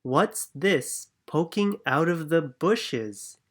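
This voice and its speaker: Reader doing a shy worried little girl, storybook, super slow and gentle. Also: medium pitch, animated, voice pushed up. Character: anxious young girl, shy. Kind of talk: storybook reading.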